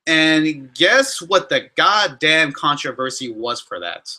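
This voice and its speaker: A young man hosting a casual question-and-answer vlog, talking in an animated, exasperated way with many restarts and fillers. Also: a little high, slow pace. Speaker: YouTuber answering fan questions.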